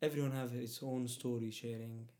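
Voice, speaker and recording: Man, young adult, Middle Eastern accent, Arabic speaker, halting, fillers, casual chat. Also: medium pitch, steady tone, dark tone. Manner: hesitant, many fillers and restarts. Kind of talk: casual conversation.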